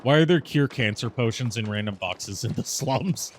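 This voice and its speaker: A man hosting a game stream, chatting casually and in an animated way, breaking into goofy voices. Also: mid-range voice, moderate pace, a little hiss or hum. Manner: animated, jumping into silly impressions. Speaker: streamer host. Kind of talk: casual gameplay chat. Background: faint game music.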